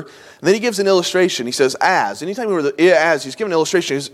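A pastor preaching a sermon in a church sanctuary, talking conversationally and pausing for emphasis. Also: male voice, on the high side.

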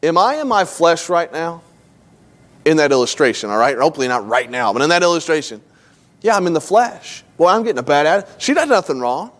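A middle-aged man preaching a sermon, telling a story about himself and acting out both sides of the dialogue in an animated way. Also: fairly high pitch, a little fast. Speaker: pastor. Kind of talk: sermon with acted illustrations.

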